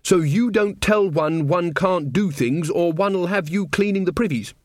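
Man doing a stiff proper young queen, slow and formal, dry close sound. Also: high voice, a little mellow, no echo, pitched above the performer's own voice. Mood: haughty. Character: prim young queen, earnest and stiffly regal.

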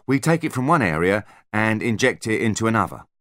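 A man voicing an eager, nervous male centaur technician who explains things hurriedly in a raised, lively voice. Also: lowish voice, a little fast, no room sound, clean studio sound, voice pushed up. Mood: eager explaining.

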